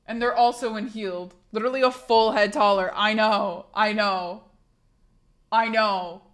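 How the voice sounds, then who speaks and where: Young female streamer, sick and hoarse, casual and blunt, swears freely, restarts sentences a lot. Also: medium pitch, fairly even intonation, a little slow, a bit bright. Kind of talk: casual chat reading a live chat.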